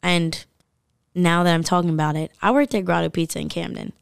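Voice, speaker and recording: A woman's voice: lowish voice, fairly even intonation, brisk, creaky, smooth, no echo, clean studio sound. A young woman from the United States telling a story in casual podcast chat, full of fillers and likes. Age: young adult.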